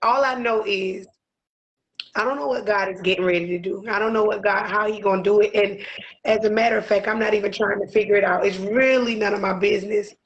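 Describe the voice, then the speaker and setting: A woman's voice: medium pitch, fairly even intonation, brisk, highs cut off. A woman co-hosting a podcast, voicing heartfelt, near-tearful gratitude and repeating her phrases. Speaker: podcast co-host. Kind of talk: emotional podcast chat.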